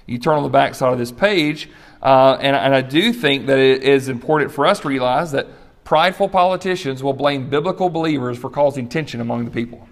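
A man's voice: mid-range voice, a little fast. A middle-aged man preaching a sermon as a pastor, conversational, with asides and light laughs.

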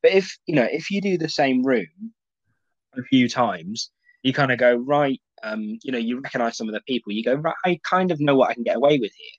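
Rambling sweary comedian, muffled audio. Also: male voice, medium pitch, expressive, fairly quick, dry recording. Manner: rambling, lots of fillers and restarts, sweary. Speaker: stand-up comedian, guest. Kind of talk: casual podcast chat.

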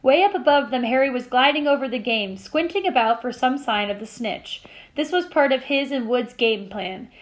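A woman teacher reading a novel aloud to her class with expressive storytelling. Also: high-pitched, moderate pace, low-quality recording.

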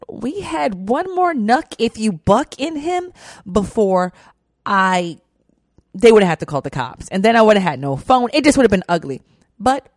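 A young woman telling a personal story in a chatty, animated way, full of fillers. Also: mid-range voice, no room sound, studio quality. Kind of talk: casual storytelling.

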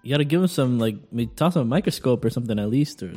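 A man's voice: mid-range voice, expressive, darkish tone, faint music behind. Wisecracking podcast co-host man. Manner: joking, quick agreeing interjections. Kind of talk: casual chat.

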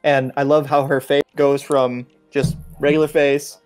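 A young man co-hosting a casual podcast, excitable and stumbling over his words. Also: medium pitch, unhurried. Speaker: podcast co-host. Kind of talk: casual chat about manga.

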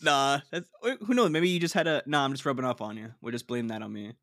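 A man's voice: medium pitch, fast, fairly bright tone, dry recording, clean studio sound. A man co-hosting a casual podcast, laughing a lot and swearing freely in banter. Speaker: podcast co-host.

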